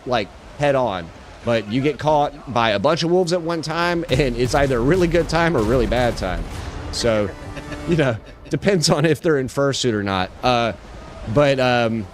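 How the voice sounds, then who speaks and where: Laid-back male streamer, slangy and profane, over a faint noisy background. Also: medium pitch. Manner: laid-back, swearing, lots of "bro" and "dude". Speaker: livestreamer. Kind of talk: casual chat while gaming.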